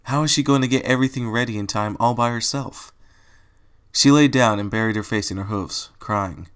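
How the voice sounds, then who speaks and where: A man reading fan fiction aloud as a storybook narrator, plain and calm, with small slips. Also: mid-range voice, brisk, smooth.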